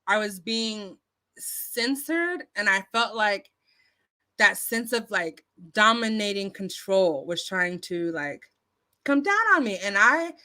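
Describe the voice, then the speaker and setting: A woman's voice: fairly high pitch, bright, forceful tone. A woman vlogger telling a story casually into her phone, chatty, with lots of fillers and restarts. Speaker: YouTube commentary vlogger.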